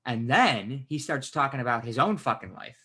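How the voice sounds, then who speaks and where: A man's voice: mid-range voice, moderate pace, breathy edge. A man co-hosting a podcast, telling a story in casual chat and swearing a lot. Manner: swears a lot, animated retelling. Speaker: podcast co-host.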